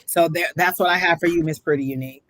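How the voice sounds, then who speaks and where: A woman with a lowish, fairly bright voice talks fast while giving a live psychic reading. She preaches emphatically, calls the listener "honey," and sounds emotional, near tears.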